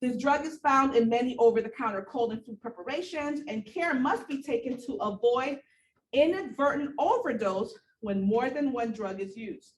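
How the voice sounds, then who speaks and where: A woman with a fairly high voice leads a nursing lecture, animated and a touch breathless, driving points home by repeating them. She is heard from some distance across an echoey room, with faint noise underneath. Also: moderate pace. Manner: animated, repetitive emphasis, talks to students directly. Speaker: nursing instructor. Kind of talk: classroom lecture.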